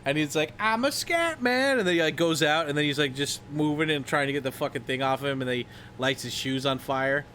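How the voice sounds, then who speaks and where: A young male streamer talks fast with hardly any pauses, his medium-pitched delivery flat and a bit bright. He rambles casually about movies, cursing and laughing heavily while scatting and imitating lines. Slight background noise is present.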